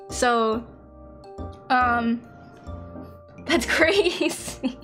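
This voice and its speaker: Young woman VTuber, high pitched, excitable casual chatter, faint background music. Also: slow, long pauses. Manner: excitable, laughing, acts out quoted exchanges. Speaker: VTuber streamer. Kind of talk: casual chat stream.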